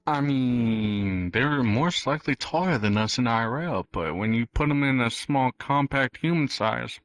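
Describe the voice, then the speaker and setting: A man's voice: mid-range voice, unhurried. A man co-hosting a podcast in casual chat, tossing in crude jokes. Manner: joking, crude quips. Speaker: podcast co-host.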